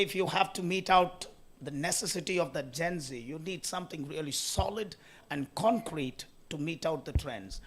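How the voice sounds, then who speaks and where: Hoarse man giving a conference speech. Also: fairly high pitch, a bit bright. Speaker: speaker at an HR summit. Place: college hall.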